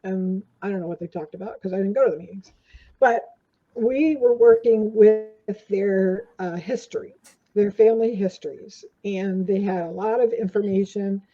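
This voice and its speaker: In a dull lo-fi recording, an older woman with a mid-range voice talks at a moderate pace. As the guest in a relaxed storytelling interview, she wanders through anecdotes with plenty of fillers.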